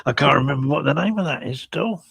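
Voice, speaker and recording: A man in his seventies, a guest chatting casually on a video call, halting and repeating words, laughing easily. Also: on the high side, animated, vocal fry, fairly bright tone, slightly rough, no echo. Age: 70s. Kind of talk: casual chat on a live video show.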